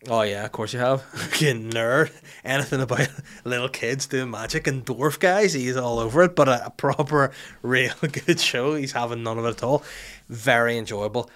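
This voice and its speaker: A man's voice: medium pitch, moderate pace, fairly bright tone. A man with a Northern Irish accent hosting a casual, joking, sweary chat. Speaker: podcast host.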